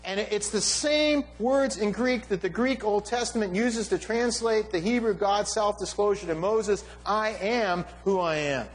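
A man's voice: high-pitched, moderate pace, few pauses, faint music behind, rough recording. A man preaching a sermon, emphatic and conversational, often asking his listeners "right?". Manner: animated, emphatic, with frequent "right?" asides. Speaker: pastor.

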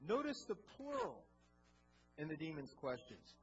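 A man's voice: high-pitched, expressive, moderate pace, highs cut off, faint music behind. A man preaching a sermon as pastor, earnest and often repeating words as he restarts.

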